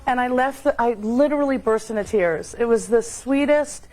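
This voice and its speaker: A woman guest on a talk show, telling stories in animated, casual chat. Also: fairly high pitch, normal speed, low-quality recording. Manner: animated storyteller.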